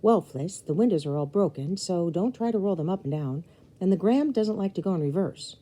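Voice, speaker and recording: A man's voice: high-pitched, animated, brisk, warm tone. Uncle Gideon, a woman doing a hearty showy uncle. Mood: instructing. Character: fussy, theatrical uncle, middle-aged man.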